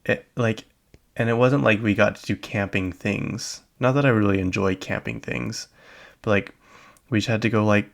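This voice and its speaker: A man's voice: on the low side, steady tone, normal speed, gravelly. A young adult man hosting a solo podcast, chatting casually and rambling with lots of filler words and small laughs. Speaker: podcast host.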